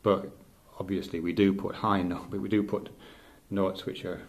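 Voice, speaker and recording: A middle-aged male teacher thinking aloud in a halting, reflective way, with many restarts. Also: deep voice, level tone. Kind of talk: unscripted spoken reflection.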